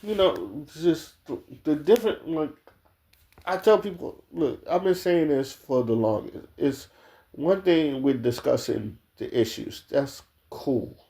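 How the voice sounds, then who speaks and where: Blunt, mellow-voiced man ranting to camera. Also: on the high side, lively intonation, a little slow. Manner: blunt and profane, with frequent restarts and filler "like"; speaks straight to the viewers. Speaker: video commentator. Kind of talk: casual opinion commentary.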